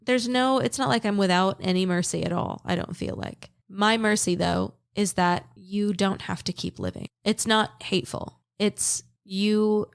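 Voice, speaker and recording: A woman from Texas co-hosts a casual podcast chat. Her voice is hoarse and crackly from a cold. She talks bluntly, swears freely and laughs often. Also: medium pitch, fairly even intonation, a little slow, hardly any pauses. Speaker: podcast co-host.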